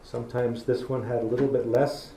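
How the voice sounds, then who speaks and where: A middle-aged man gives a folksy storytelling lecture, his voice gravelly and mellow. He speaks in a roomy lecture hall, and a faint hiss sits under the recording. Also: mid-range voice, flat delivery, a little fast. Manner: storytelling, folksy, acts out talking to kids. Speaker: public lecturer. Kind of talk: public talk.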